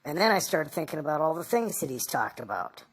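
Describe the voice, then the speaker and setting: A woman being interviewed, recounting a personal story in a halting, rambling way. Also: deep voice, big pitch swings, husky. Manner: halting and rambling, full of "you know".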